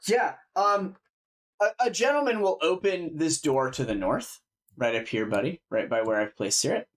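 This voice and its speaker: A man running a tabletop game, describing scenes in a casual, filler-heavy way. His pitch moves a lot as he talks. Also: animated, moderate pace. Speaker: game master.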